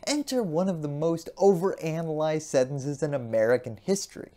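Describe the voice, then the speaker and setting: A woman's voice: deep voice, animated, moderate pace, warm tone. A woman hosting a scripted explainer, delivering it with sarcastic, wry asides. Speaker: host.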